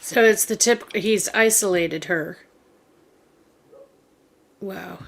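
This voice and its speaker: A woman's voice: mid-range voice, slow, creaky. A woman from Canada hosting a reaction video, answering the clip with shocked, sighing comments. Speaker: host reacting to an interview clip.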